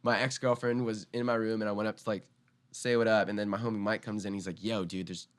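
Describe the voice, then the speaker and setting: A man's voice: lowish voice, quick pace, clean tone. Young man telling a wild story. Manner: animated, acts out quoted lines loudly. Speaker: podcast guest, skateboarder. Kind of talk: casual storytelling.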